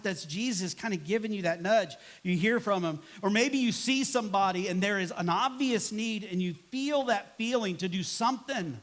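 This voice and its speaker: A man's voice: high voice, fairly quick, hardly any pauses, a bit bright. A man preaching a sermon as pastor in a church, casual and conversational, acting out grumbling replies to make his points. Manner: conversational, acts out quoted voices with a sigh and grumble.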